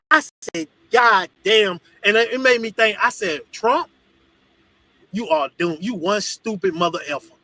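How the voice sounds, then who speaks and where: High, bright-voiced man preaching hard. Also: gravelly, dry recording, rough recording. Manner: animated, profane, emphatic. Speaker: religious teacher. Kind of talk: street-style preaching with storytelling.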